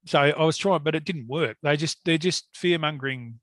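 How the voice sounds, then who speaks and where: Middle-aged aussie bloke yarning away, laughs a lot, pretty high pitched, dead dry mic. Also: male voice, moderate pace, a bit bright, no echo. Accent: Australian. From Australia. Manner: rambling, laughs often. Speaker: guest hunter. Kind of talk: casual storytelling.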